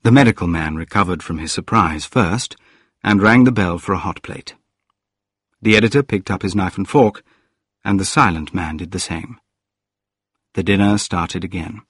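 A man reading a story aloud in a calm, measured narration. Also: sits low, breathy edge, no room sound, clean studio sound. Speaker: audiobook narrator. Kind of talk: scripted narration.

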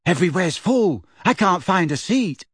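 A man voicing a shy but eager teenage schoolboy who talks with excited, hurried enthusiasm. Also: high-pitched, slightly rough, no room sound, studio quality, voice pushed up, exaggerated voice.

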